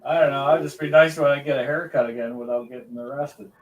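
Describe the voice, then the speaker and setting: A man's voice: mid-range voice, steady tone, quick pace, lo-fi sound. A man chatting on a live panel, wry and matter-of-fact. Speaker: panel guest. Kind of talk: casual chat on a live stream. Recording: distant mic with faint background noise.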